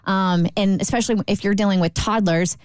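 A woman's voice: medium pitch, fairly even intonation, a little fast, smooth, no echo. A woman co-hosting a talk radio show, explaining her views earnestly and firmly. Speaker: radio co-host. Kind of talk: casual talk radio discussion.

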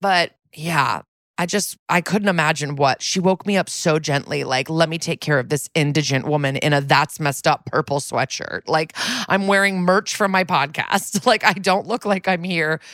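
Middle-aged female podcast co-host, lowish voice, lively storyteller, dry studio sound. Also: moderate pace, dry recording. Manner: animated storytelling, acts out quotes. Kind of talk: casual chat.

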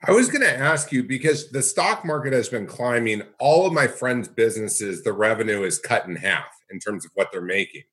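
A man interviewing a guest, speaking in a middle-pitched, conversational voice. He frames his questions with his own anecdotes. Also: expressive, normal speed, hardly any pauses, fairly bright tone. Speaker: interview host.

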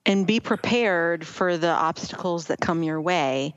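A woman's voice: lowish voice, unhurried, clear, resonant tone, dry recording. Thoughtful woman co-host, dull dry sound. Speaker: podcast co-host. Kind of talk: casual book chat.

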